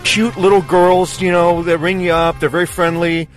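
A man's voice: high-pitched, little pitch movement, normal speed, soft background music. A man hosting a food show, telling stories in an enthusiastic, chatty way. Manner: enthusiastic storytelling. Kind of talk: casual chat. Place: in a vehicle.

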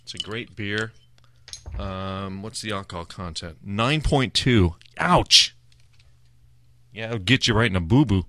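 Relaxed low-voiced man. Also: moderate pace. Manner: chatty, relaxed, with frequent "uh" fillers. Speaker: host of a food and beer show. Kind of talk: casual beer-tasting chat.

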